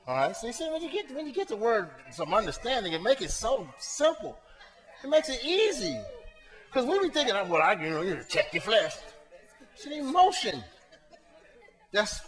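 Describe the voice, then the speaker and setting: A male pastor preaching a sermon to his congregation, swinging between soft asides and shouted points, talking to them in a casual, colloquial way. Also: very high-pitched, big-room sound. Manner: colloquial, talks straight to the congregation. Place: church sanctuary.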